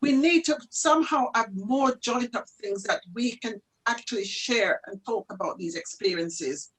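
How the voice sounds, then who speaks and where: A woman speaks earnestly and with emphasis as a webinar guest. Her voice is husky and sits somewhat high. She is heard over a video call. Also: moderate pace, poor audio. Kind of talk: webinar talk.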